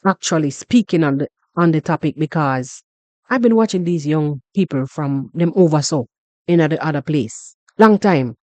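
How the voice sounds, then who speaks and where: A Jamaican woman hosting a podcast, talking through a story in an animated, repetitive way and often asking "you understand?". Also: on the low side, no echo. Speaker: podcast host. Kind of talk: casual commentary monologue.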